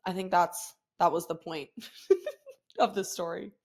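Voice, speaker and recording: A woman's voice: on the low side, measured pace, darkish tone. A woman hosting her own podcast, telling a story in a profane, dramatic, casual way full of fillers. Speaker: podcast host. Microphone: podcast microphone.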